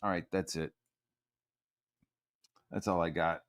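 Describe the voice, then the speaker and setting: A man's voice: deep voice, steady tone, slow pace, no echo. A man streaming from his room, ranting casually and swearing a lot. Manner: profane and heated, lots of swearing.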